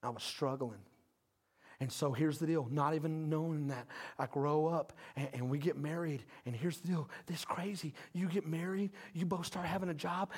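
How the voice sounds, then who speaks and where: A pastor in his thirties preaching a lively sermon, calling out to the congregation. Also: on the high side, moderate pace, husky. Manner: animated preaching with call-outs.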